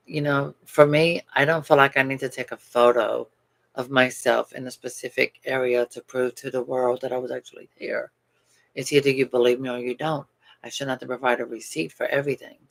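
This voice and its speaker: A man chatting casually to viewers about travel plans in a rambling, animated way with easy laughs. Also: medium pitch, gravelly. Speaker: doll channel vlogger. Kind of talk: casual chat.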